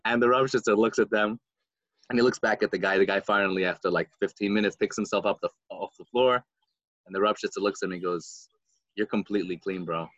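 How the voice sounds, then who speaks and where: A man hosting a casual chat, telling stories excitedly, often laughing, with Yiddish words. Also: lowish voice, quick pace, no room sound, muffled recording.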